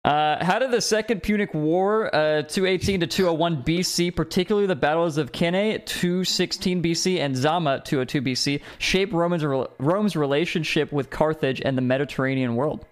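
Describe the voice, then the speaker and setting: Man, somewhat high voice, playful panel banter. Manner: playful, quick to question. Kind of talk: casual panel chat.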